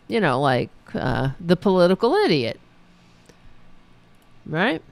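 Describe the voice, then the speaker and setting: A woman hosts her own podcast and rants about politics, sarcastic, profane and mocking. Her voice is lowish with big pitch swings and vocal fry, and she speaks at a measured pace with long pauses. The tone is clean and the recording dry.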